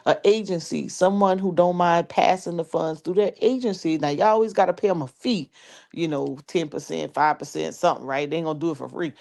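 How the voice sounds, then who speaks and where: A woman's voice: low voice, fairly quick, creaky, a little mellow. A woman on a video call explaining things in a folksy way to a panel, often checking that she is followed. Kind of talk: casual panel discussion.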